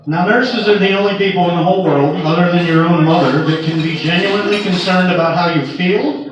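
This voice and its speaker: Brisk and high-voiced, a man performs a stand-up set of crude nursing stories, steering each toward the punchline like a practiced storyteller. The club recording is distant, echoey and dull, with background noise and the crowd laughing.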